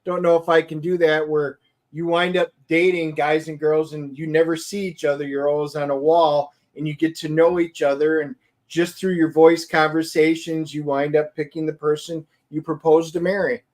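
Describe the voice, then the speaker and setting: A man co-hosting a casual talk show, telling stories in an animated way. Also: fairly high pitch, moderate pace. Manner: animated storyteller. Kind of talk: casual chat.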